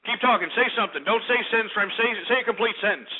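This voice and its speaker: A man's voice: sits high, very fast. A man hosting a call-in radio show, ranting brashly and insulting his callers. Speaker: radio talk show host. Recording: narrow phone-like radio audio.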